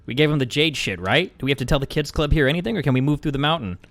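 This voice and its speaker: A man's voice: a little high, expressive, very fast, fairly bright tone, dry recording. A man voicing a curt, crude male adventurer in a tabletop game. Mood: impatient.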